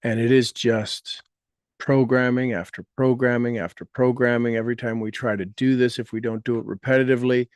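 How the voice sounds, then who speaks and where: A man giving a motivational talk to an audience, explaining ideas earnestly and guiding listeners through slow, deliberately repeated affirmations. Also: medium pitch, steady tone, a little mellow, dry recording, clean studio sound.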